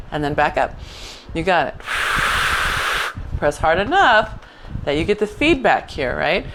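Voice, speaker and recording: A woman's voice: mid-range voice, a bit bright, a little hiss or hum. Upbeat woman cueing a Pilates class. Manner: encouraging, upbeat cues with frequent "good". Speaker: Pilates instructor. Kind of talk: live online class instruction.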